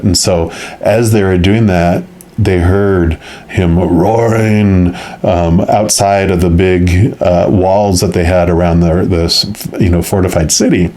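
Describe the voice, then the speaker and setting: A man's voice: low-pitched, steady tone, slow, dark tone. A man giving a tarot reading, telling a story casually and rambling with many fillers. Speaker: tarot reader.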